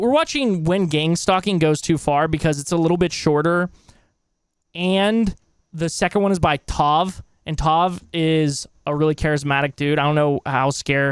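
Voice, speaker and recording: A young man chats casually on a live stream, rambling from one thought to the next with plenty of swearing. His voice is a touch high and smooth, and the sound is dry and close. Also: moderate pace, no room sound. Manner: rambling, loose and chatty, swears often. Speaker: streamer reacting to videos.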